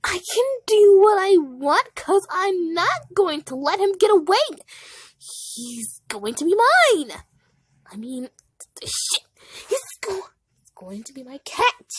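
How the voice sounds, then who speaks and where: A woman voicing a bossy, hot-tempered small male skeleton lord who shouts his demands. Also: very high-pitched, huge pitch swings, moderate pace, no room sound, clean studio sound, pitched above the performer's own voice, heavily acted. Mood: furious.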